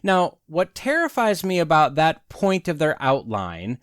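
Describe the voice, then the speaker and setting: A man's voice: on the high side, a little slow, hardly any pauses, smooth, no room sound, clean studio sound. A man in his forties hosting a solo podcast, telling stories with sarcastic asides and talking straight to the listener. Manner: sarcastic, animated storytelling with wry asides; skeptical, talks straight to the listener. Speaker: podcast host.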